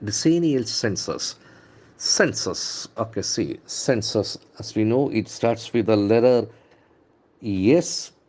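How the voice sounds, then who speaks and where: A man with an Indian English accent teaching vocabulary from the newspaper, repeating words slowly and spelling out their letters. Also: on the low side, animated, mellow. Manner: enthusiastic, calls words beautiful and brilliant. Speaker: English trainer.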